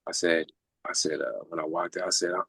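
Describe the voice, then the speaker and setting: A husky man with vocal fry, whose voice sits low, speaks a little fast on a dry recording. Casually telling a long story about himself, he is animated, swears freely, and acts out the voices of people in it.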